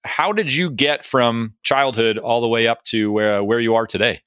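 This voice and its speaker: A man's voice: mid-range voice, moderate pace, fairly bright tone, smooth, dry recording. An American man hosting a podcast interview, chatty and self-deprecating, with lots of fillers. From United States. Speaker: podcast host. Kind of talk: casual interview chat.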